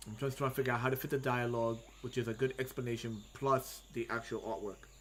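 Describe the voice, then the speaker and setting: A man and comic artist giving casual livestream commentary, thinking aloud as he draws with frequent pauses and self-talk. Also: mid-range voice, steady tone, a bit bright, a little hiss or hum. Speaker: comic artist streaming his drawing.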